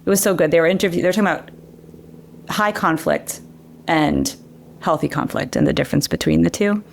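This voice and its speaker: A woman guest on an interview show, an educator, explaining brain science in a lively conversational way. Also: low-pitched, fairly quick, vocal fry, slight background noise. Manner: animated explainer who acts out quotes. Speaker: guest educator and former children's TV director.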